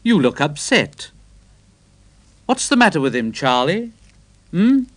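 Give me a genial village vicar, as a man voices him, unhurried and gently amused. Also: on the high side, big pitch swings, heavily acted. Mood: friendly. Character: genial middle-aged country vicar, kindly.

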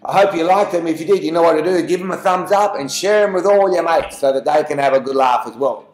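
A man's voice: a little high, fast talker. A middle-aged man, casually telling jokes to camera in a folksy, chatty way. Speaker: joke channel host. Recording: echoey room with faint guitar music.

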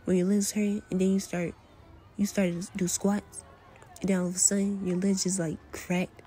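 A woman's voice: mid-range voice, flat delivery, moderate pace, warm tone, a little hiss or hum. A woman performing a casual fan role-play audio drama, trading slangy, teasing banter as she voices several friends.

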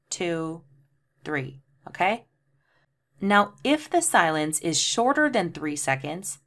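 Brief: woman tutor, lower-pitched voice, patient step-by-step explaining. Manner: explanatory, reads example sentences aloud spelling out punctuation. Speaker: transcription tutor. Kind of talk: screen-share tutorial.

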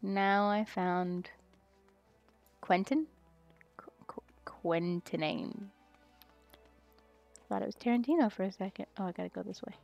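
A young woman streaming a video game, muttering to herself as she plays and bursting into excited squeals. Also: medium pitch, normal speed, creaky, highs cut off, faint music behind. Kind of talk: casual gaming stream chatter.

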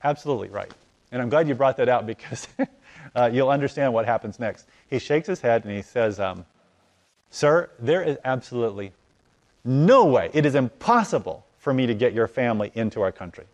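A man recounting a personal story in conversation with a lively, theatrical delivery. He acts out both sides of the dialogue, climbing loud and high and then dropping to a hush. His voice sits at a middle pitch. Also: a little fast, lo-fi sound. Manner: animated, acts out dialogue with voice rising and falling. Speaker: guest telling a testimony.

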